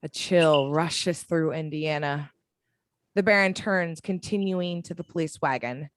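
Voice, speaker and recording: A woman's voice: low-pitched, unhurried, dry recording. Woman narrating screenplay action, dry sound. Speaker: narrator reading action descriptions. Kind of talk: script narration for an audio drama.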